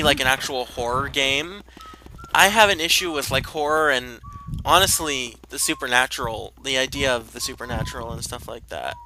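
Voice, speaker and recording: A man's voice: on the high side, a little hiss or hum, rough recording. A young man casually commentating his gameplay for viewers, rambling and self-deprecating. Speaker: gameplay streamer. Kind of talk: casual let's-play commentary. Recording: game music loud behind voice. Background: game music.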